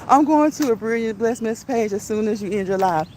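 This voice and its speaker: Chatty laughing woman, fairly high voice. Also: fairly quick, a little mellow, slight background noise. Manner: chatty, laughs often, reads chat aloud. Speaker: live-stream host. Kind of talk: casual live-stream chat while walking. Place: outdoors on a neighborhood walk.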